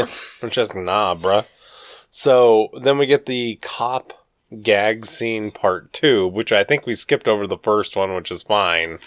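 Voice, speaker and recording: A man's voice: lowish voice, measured pace, clear, resonant tone, no room sound. A man co-hosting a podcast, chatting casually through a film recap with a wry, joking manner. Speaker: podcast co-host. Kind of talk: casual movie recap chat.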